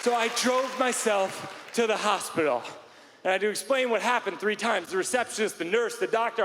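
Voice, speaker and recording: A man telling a stand-up story in a rambling, self-mocking way, now and then bursting into shouts, on a theater stage. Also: high voice, a little fast, a faint crowd. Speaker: stand-up comedian. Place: large theater stage before a live audience. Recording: live hall recording with faint room noise.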